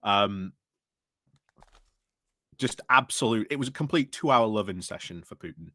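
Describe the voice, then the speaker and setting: A man's voice: lowish voice, lively intonation, normal speed, sharp tone, dry recording. A man in casual political chat on a podcast, rambling with many fillers and restarts. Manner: rambling, frequent fillers and restarts, laughs while talking. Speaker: podcast panelist.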